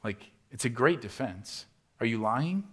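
A man preaching a sermon in a conversational way, asking rhetorical questions, swinging between loud, rising emphasis and soft, low delivery. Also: lively intonation, measured pace, breathy edge. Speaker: pastor.

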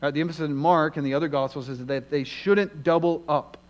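Earnest preacher, muffled recording. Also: male voice, on the high side, fairly even intonation, fairly quick. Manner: earnest, emphatic, asks rhetorical questions. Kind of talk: expository sermon.

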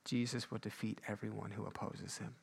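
A man preaching a sermon, moving between loud emphatic peaks and quiet low asides. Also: little pitch movement, a little fast, creaky, husky. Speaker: pastor.

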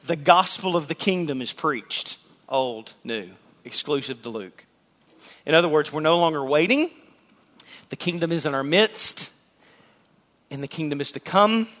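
A man delivers a sermon in a church. His voice sits a little high, and he keeps the preaching conversational, with asides and jokes. He drives points home by repeating phrases. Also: fairly bright tone. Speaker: pastor. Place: church sanctuary with a congregation.

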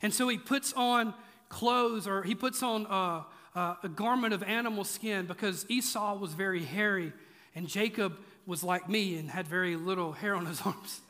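Bright, high-voiced preacher in an echoey hall. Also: male voice, normal speed. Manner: conversational, joking, emphatic repetition. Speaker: pastor. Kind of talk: sermon. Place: church auditorium.

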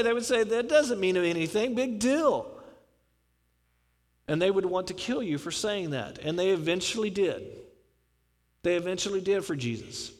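A man preaching a sermon in a conversational, animated way, often asking rhetorical questions and adding filler phrases. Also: sits high, in a large hall.

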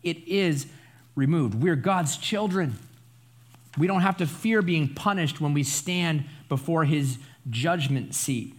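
A man's voice: on the high side, takes it slowly. A man preaching a Bible study sermon in a conversational, emphatic way, often adding asides and tag questions. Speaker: pastor.

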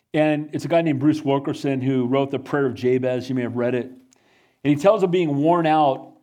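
A man's voice: mid-range voice, dark tone. A man pastor preaching a sermon, building to fervent emphasis and asking "Amen?" as he goes.

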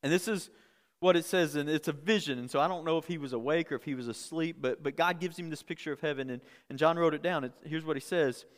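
A man's voice: a little high, fast talker, big-room sound. A man preaching a sermon in a conversational way, often repeating words and building to emphatic peaks. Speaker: pastor.

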